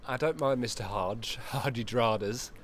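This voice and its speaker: A man's voice: mid-range voice, unhurried, a little hiss or hum. A man in his twenties co-hosting a podcast, with wry, dry humour in casual chat. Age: 20s. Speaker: podcast co-host.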